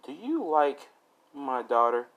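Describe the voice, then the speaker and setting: A man voicing a gruff, protective middle-aged father with a low, dry manner. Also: big pitch swings, slow, a bit bright, exaggerated voice. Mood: stern.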